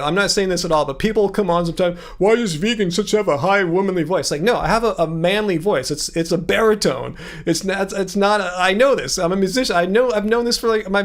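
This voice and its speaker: A man from Southern California with a laid-back SoCal accent, hosting a casual livestream and answering chat with a loose, filler-heavy delivery and lots of emphasis. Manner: lively pitch swings, emphasizes words by jumping up. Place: room with musical instruments.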